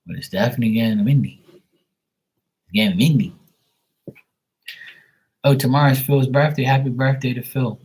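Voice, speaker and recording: A man's voice: medium pitch, normal speed, long pauses, a little mellow, husky. A man hosting a live stream, chatting in a rambling, laid-back way and swearing often. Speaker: livestream host. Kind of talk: casual chat.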